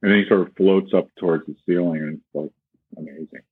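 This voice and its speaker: A man's voice: low voice, steady tone, fast, husky, no room sound. A man, a flute teacher, explaining breathing in a casual conversation and demonstrating with sung syllables and quoted voices. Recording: tinny phone-like call audio.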